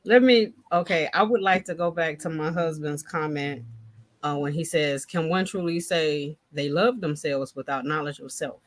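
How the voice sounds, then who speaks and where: Earnest woman with a low voice on a video call. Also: moderate pace. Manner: earnest, reflective, speaks of faith. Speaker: guest. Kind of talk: casual chat.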